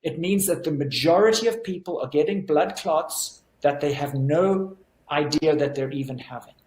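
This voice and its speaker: A man's voice: on the high side, normal speed, darkish tone, echoey room. A man speaking as a physician guest in an interview, explaining earnestly and with emphasis.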